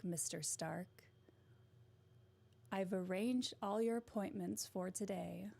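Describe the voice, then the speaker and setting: A woman doing a flat robot assistant. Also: medium pitch, gravelly, husky, exaggerated voice. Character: calm female AI assistant voice.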